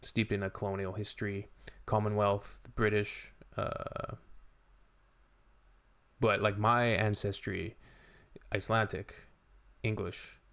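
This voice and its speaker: Canadian man, low gravelly voice, opinionated reaction commentary, casual. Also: flat delivery, slow, long pauses, fairly bright tone. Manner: chatty, opinionated, frequent fillers. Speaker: reaction video host.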